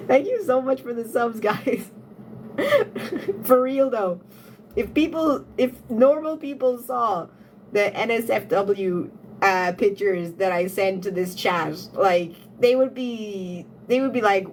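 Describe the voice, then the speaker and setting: Giggly young irish woman livestreamer, slow unhurried chat, faint hiss behind. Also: a little high, expressive. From Ireland. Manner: giggly, breaks into frequent laughter; repeats herself while thinking aloud. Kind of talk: casual live-stream chat, reading chat questions.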